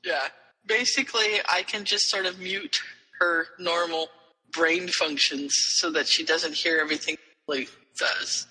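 A man co-hosting a podcast, explaining plot points in casual chat with quick agreeing interjections. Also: a little high, fairly even intonation, pushed and bright, breathy edge, big-room sound, rough recording. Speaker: podcast co-host. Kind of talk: casual chat recapping a story.

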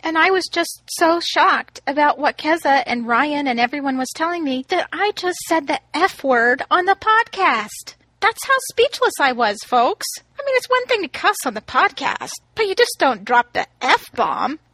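A woman's voice: high voice, very animated, normal speed, few pauses, a bit bright, no echo. A woman co-hosting a podcast, talking emphatically and teasing in casual chat. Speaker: podcast co-host.

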